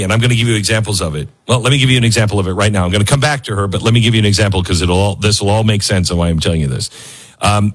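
A man's voice: mid-range voice, slightly rough. A man hosting a political talk show, giving an opinionated, sarcastic monologue and laughing often. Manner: animated, sarcastic, laughs often and mimics people.

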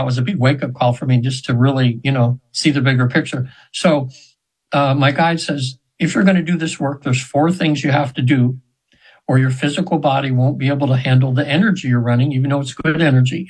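A man in his seventies, a radio guest, telling a long rambling story with restarts and frequent throat-clearing. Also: mid-range voice, poor audio. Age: 70s.

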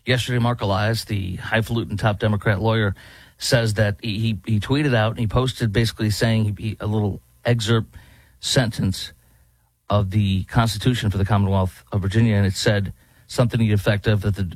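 A man's voice: fairly low pitch, breathy edge, dry recording. A man hosting a political talk show, sarcastic and rambling with many restarts. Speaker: host.

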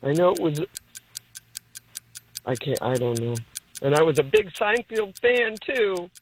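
A woman's voice: lowish voice, big pitch swings, measured pace, a little hiss or hum, low-quality recording. A woman with a New York accent calling in to a radio quiz, flustered and laughing at herself. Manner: flustered, self-deprecating, laughing. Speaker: caller.

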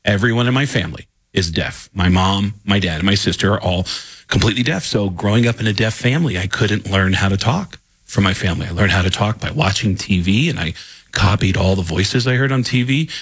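Man in his fifties, husky voice, animated storyteller, radio studio guest, studio mic, slips into impressions. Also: fairly low pitch, brisk. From the Bronx, New York. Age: 50s. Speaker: comedian guest. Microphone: studio microphone.

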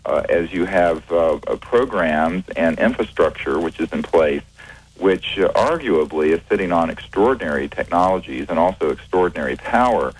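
Very deep-voiced man with halting speech. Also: lively intonation, husky, no room sound, poor audio. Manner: measured, hesitant, many fillers and restarts. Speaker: guest, researcher. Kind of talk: radio interview.

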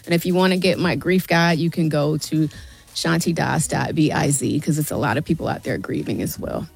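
A woman's voice: sits low, moderate pace, gravelly, breathy edge. A middle-aged woman speaking earnestly as a guest on a radio show, pleading with listeners and calling them y'all. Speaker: guest, mental health advocate. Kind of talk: emotional radio interview. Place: radio studio. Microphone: studio mic.

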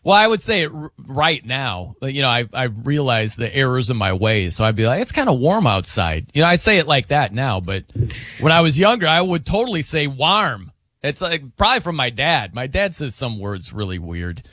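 A man's voice: medium pitch, big pitch swings, normal speed, sharp tone, no room sound, clean studio sound. A middle-aged man hosting a radio show in casual chat, laughing often and mimicking how people say words.

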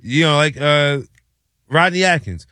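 A man hosting a sports talk show, casual and animated, who often asks "you know what I'm saying.". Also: fairly high pitch, measured pace, no room sound, clean studio sound.

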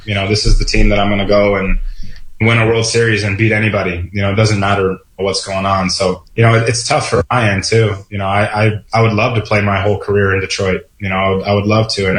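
A baseball player speaking haltingly and emotionally in an interview clip, with many fillers. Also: male voice, fairly low pitch, echoey room, poor audio. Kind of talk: interview soundbite.

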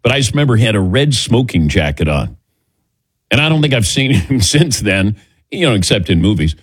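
Lively talk show host man, dry studio sound. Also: lowish voice, a little fast, husky, no room sound. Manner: lively, joking, reads sponsor plugs. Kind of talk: casual studio banter. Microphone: studio mic.

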